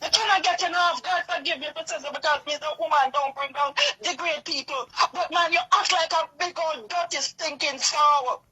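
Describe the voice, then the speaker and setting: A woman's voice: high voice, moderate pace, hardly any pauses, bright, forceful tone, low-quality recording. A woman with a Jamaican accent delivering an impassioned, repetitive rant in a video. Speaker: vlogger.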